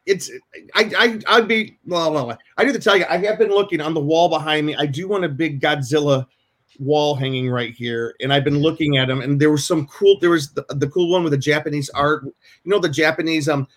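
Speaking a little fast, with a slightly high, fairly bright voice, a man hosts a casual podcast chat by video call. His stories ramble, and he keeps cutting himself off and starting over. Behind him is a home room with shelves.

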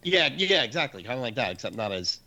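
A man casually telling a spooky story from his youth, animated and laughing, acting out his friends' screams. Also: mid-range voice, quick pace.

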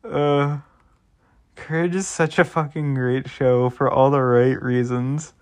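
A young man rambling to his viewers in an unhurried, drawn-out way. He keeps dissolving into giggles and peppers his talk with swearing. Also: medium pitch, steady tone, darkish tone. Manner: giggly, keeps breaking into laughter; swears freely. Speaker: vlogger. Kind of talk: casual rambling commentary.

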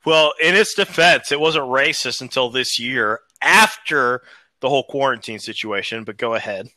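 Bright-voiced tipsy man. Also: mid-range voice, normal speed, no echo. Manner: wordy, hesitant, tangential. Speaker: podcast co-host. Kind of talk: casual chat.

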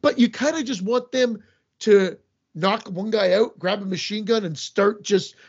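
Gravelly high-voiced sarcastic man. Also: a little slow, highs cut off. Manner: wry, sarcastic quips. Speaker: podcast co-host. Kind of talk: casual movie review chat.

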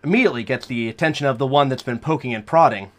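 A man narrating a tabletop role-playing game as game master, playful and animated. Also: medium pitch, quick pace.

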